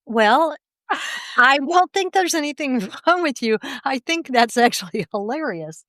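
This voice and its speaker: A woman chats as a podcast co-host, answering in short, encouraging remarks. Her voice sits fairly high. The recording is close and dry. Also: animated, takes it slowly, fairly bright tone, dry recording. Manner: supportive, short encouraging replies. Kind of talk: casual chat.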